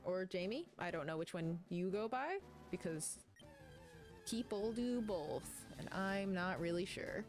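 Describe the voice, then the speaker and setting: A woman game streamer talks casually from her home setup. She rambles chattily, reads chat aloud and laughs often. Her voice sits in an ordinary middle pitch, with faint music playing behind her. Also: expressive, measured pace, darkish tone. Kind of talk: casual let's-play chat, reading chat aloud.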